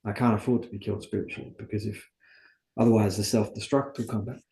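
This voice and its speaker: A man's voice: fairly low pitch, steady tone, fast, vocal fry, warm tone, reverberant. A man as an interview guest, talking candidly and earnestly about his own life, often asking and answering his own questions. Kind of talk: candid conversational storytelling.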